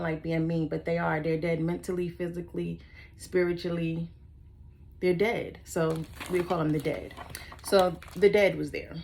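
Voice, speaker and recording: A woman in her forties tells her own story straight to the camera in a rambling, sassy way. Her voice sits a little low and carries a gravelly fry. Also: darkish tone. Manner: rambling, sassy, easily sidetracked. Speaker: vlogger.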